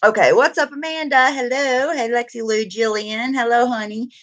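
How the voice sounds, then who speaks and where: A woman's voice: on the high side, steady tone, moderate pace, a bit bright. A tired woman hosting a casual live stream, chatting with viewers and greeting them by name.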